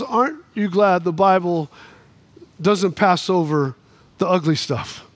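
A man preaching a sermon, acting out the voices of the people in his story and rising to near shouts at its high points. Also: no echo. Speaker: pastor.

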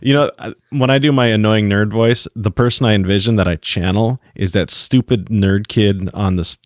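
Male podcast co-host, deeper voice, lively and jokey, dry close mic. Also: moderate pace, dry recording. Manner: joking, laughs often. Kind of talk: casual chat.

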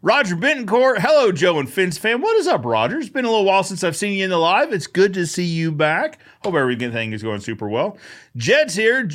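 A man's voice: high voice, sing-song, fairly quick, fairly bright tone. An upbeat man hosting a live Q&A show, chatting casually, greeting viewers by name and answering their questions. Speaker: host of a live fencing Q&A show. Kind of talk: casual live-stream chat.

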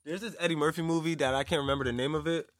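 A man's voice: on the high side, steady tone, very fast, no room sound, studio quality. A man co-hosting a casual podcast, joking loosely, laughing often and swearing freely. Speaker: podcast co-host. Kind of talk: casual banter.

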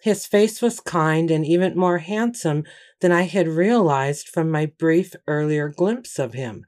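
A woman with a low voice reads a first-person story aloud as an audiobook narrator. Her delivery is steady and measured, keeping an even storytelling pace.

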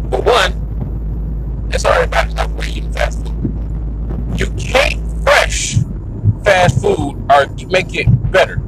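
A man hosting his own show, talking in an animated, rambling, slangy rant. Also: high voice, background noise. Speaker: podcast host. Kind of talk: ranting monologue.

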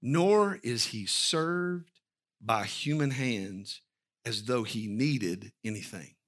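A man's voice: mid-range voice, lively intonation, slow pace, fairly bright tone. A man preaching a sermon as pastor, conversational and asking the congregation questions.

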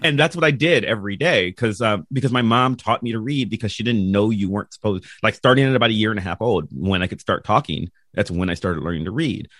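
A man's voice: fairly low pitch, fast, few pauses, fairly bright tone, no room sound, clean studio sound. A middle-aged man, a podcast guest, telling a childhood story in a rambling way, with lots of ums, restarts and laughs. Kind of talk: casual storytelling.

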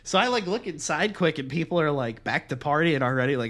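Talking briskly in a fairly high voice, the young podcast host chats casually through a lengthy, profanity-laced story. He animatedly acts out quotes, switching into other voices.

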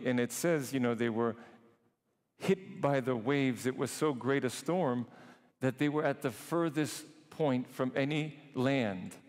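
A man preaching a sermon, emphatic, drawing some phrases out slowly and rushing others. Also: mid-range voice, a little mellow, in a large hall. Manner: emphatic, shifts between slow and quick phrasing. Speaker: priest preaching.

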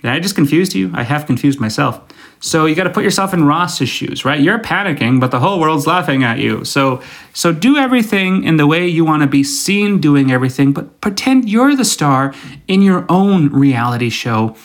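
A man hosts his solo podcast in a loose, rambling monologue. His voice sits a little higher than most men's. He keeps stumbling into fillers and restarts, and he jokes at his own expense. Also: sing-song, normal speed. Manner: rambling, self-deprecating, with frequent fillers and restarts. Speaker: podcast host.

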